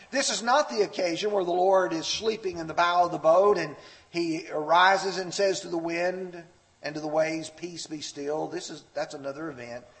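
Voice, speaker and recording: A man preaching a sermon, telling a story expressively and leaping up in pitch when he quotes scripture. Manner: storytelling with a personal anecdote. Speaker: pastor.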